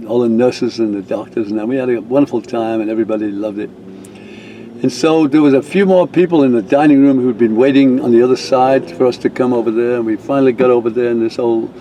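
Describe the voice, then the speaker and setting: A man's voice: medium pitch, a little fast, dark tone, a little hiss or hum, poor audio. An older man, a reverend, telling a rambling personal story with chuckles and restarts. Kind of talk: casual storytelling.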